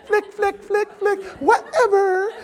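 Man doing a ditzy young valley girl, gushing, sing-song, pitched way up. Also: takes it slowly.

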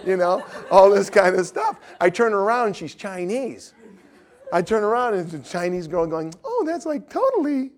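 High-voiced, animated male instructor. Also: moderate pace. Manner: animated, laughs often, acts out voices. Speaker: evangelism trainer. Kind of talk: lively teaching talk.

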